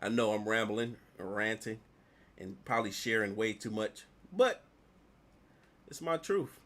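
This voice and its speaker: Bright-voiced man rambling through a story. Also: lowish voice, measured pace. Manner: rambling, animated retelling with repeated "like". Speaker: artist vlogger. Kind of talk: casual storytelling while drawing.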